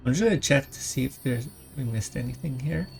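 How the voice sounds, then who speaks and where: A man's voice: mid-range voice, brisk, creaky, darkish tone. A man hosting a gaming channel, giving chatty, rambling let's-play commentary into a desk microphone.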